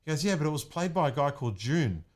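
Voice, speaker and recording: A young man from Australia, telling an excited story in a casual chat and acting out what people said. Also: fairly high pitch, fast talker. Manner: excited, animated, acts out quotes. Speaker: guest, music producer.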